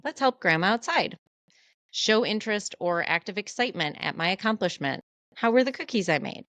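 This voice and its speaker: A woman co-hosting a podcast, talking in a candid, animated, self-deprecating way in casual chat. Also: mid-range voice, fairly quick, dry recording. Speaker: podcast co-host.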